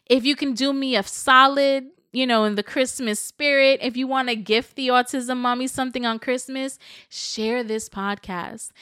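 Young woman host, casual solo podcast chat, chatty and emotional; smooth, dry close-mic sound. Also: mid-range voice, a bit bright, no echo.

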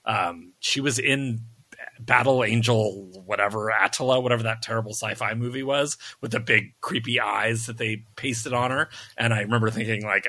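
A man's voice: mid-range voice, lively intonation, normal speed, pushed and bright, dry recording. A man co-hosting a casual review podcast, rambling with lots of ums and self-deprecating asides. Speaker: podcast co-host.

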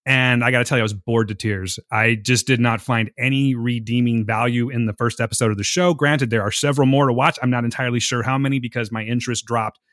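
A man hosting a casual review chat at a medium pitch. He gives blunt, opinionated verdicts. His voice sounds close and dry, with no room echo. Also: fairly even intonation, fast, few pauses, fairly bright tone. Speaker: podcast host.

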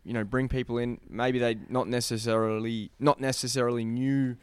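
Guy hosting a podcast, smooth clear voice, chill rambly questions, dry sound. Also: mid-range voice, fairly even intonation, moderate pace, no echo. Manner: easygoing, hesitant questions with restarts. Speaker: podcast host. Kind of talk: casual interview.

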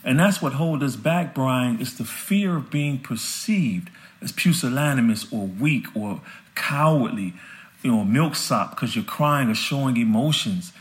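A man's voice: medium pitch, animated, measured pace. A man guest on a podcast interview, talking earnestly and with heartfelt fervor.

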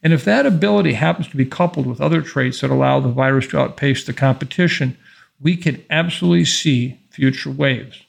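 A man hosting an infectious-disease podcast, giving a measured, emphatic monologue and reading passages from an article aloud. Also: mid-range voice, creaky, breathy edge.

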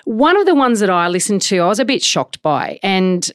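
A middle-aged woman who hosts an interview podcast and asks long, chatty, animated questions. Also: mid-range voice, moderate pace, clean tone, dry recording, studio quality. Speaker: podcast host.

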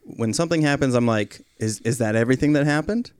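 A man in his thirties calmly tells a story on a podcast, with a mid-range voice that jumps up when he quotes someone else. It is recorded close and dry with no room sound. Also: medium pitch, clean tone, no room sound. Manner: calm, measured, quotes others in raised voice. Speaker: podcast guest, father. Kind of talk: casual chat, storytelling.

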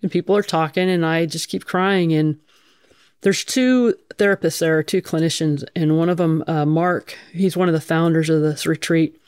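A woman's voice: low voice, steady tone, normal speed, a little mellow, clean tone, no room sound, clean studio sound. A middle-aged woman firefighter telling her own story in a blunt, casual way, swearing freely and using many fillers. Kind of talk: candid conversational storytelling.

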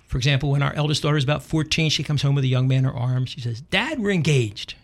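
A middle-aged man and radio host giving a humorous monologue, telling dry, deadpan stories with wry punchlines. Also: mid-range voice, very fast.

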